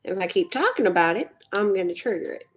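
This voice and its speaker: Talking fast in an animated, medium-pitched voice, the Mississippi host beads on her livestream and chats in a Southern accent. She rambles, sounds offhand, and swears casually. A little hiss or hum is audible.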